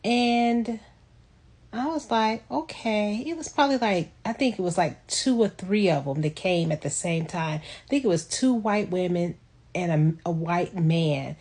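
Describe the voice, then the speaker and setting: A woman tells a personal story to her viewers in a slow, unhurried way. Her voice is slightly husky and breathy. She stays reflective but livens up when she quotes what people said. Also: mid-range voice. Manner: reflective, animated when quoting others. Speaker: vlogger telling a personal story. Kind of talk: casual storytelling.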